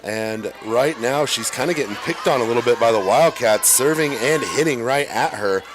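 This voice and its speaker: Man, volleyball play-by-play, chatty, excitable exclamations, mid-pitched. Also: moderate pace, background noise. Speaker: play-by-play announcer. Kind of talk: live volleyball commentary.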